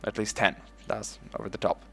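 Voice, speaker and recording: A man commenting casually on his own strategy game playthrough, swearing freely, bursting out with "boom" and ordering his in-game troops around. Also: brisk, vocal fry, slightly rough. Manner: excitable, swears casually, shouts "boom" when giving orders; talks to in-game units as if they were his troops. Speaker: let's play host.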